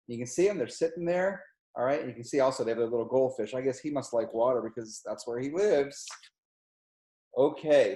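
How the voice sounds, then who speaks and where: Gentle middle-aged man reading to kids. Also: mid-range voice. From New Jersey, US. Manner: slow, gentle, explaining pictures to children. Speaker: college president reading a children's book. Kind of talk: read-aloud storytime. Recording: echoey room.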